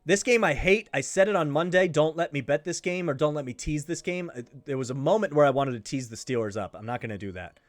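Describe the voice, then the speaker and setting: A man's voice: fairly high pitch, expressive, fast, hardly any pauses, dry recording. A man hosting his own sports betting show, talking casually and hammering his points home by repeating them. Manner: emphatic, repeats himself for stress. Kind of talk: casual betting picks talk.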